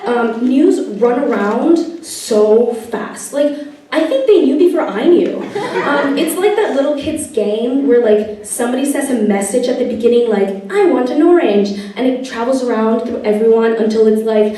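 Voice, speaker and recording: A woman's voice: fairly high pitch, animated, dark tone. Young woman doing stand-up. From Spain. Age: young adult. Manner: wry storytelling with long comic pauses. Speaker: stand-up comedian. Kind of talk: stand-up comedy set. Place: comedy club stage. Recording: echoey room, mic at a distance.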